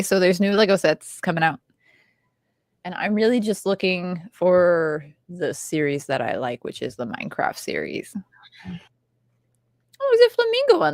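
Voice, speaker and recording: A playful woman chatting casually on a livestream, her pitch bouncing up and down as she giggles her way through small talk. She talks over an online call. The sound is dry and close, with no room echo. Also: big pitch swings, unhurried, long pauses. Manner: giggly, playful and easygoing, laughs often. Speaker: co-host.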